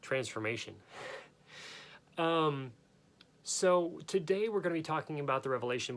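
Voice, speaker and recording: A man's voice: mid-range voice, a little slow, long pauses, fairly bright tone. A man with the hiccups hosting a photography talk, rambling with frequent restarts and self-corrections. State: has the hiccups. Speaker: photography podcast host. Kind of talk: casual unscripted talk.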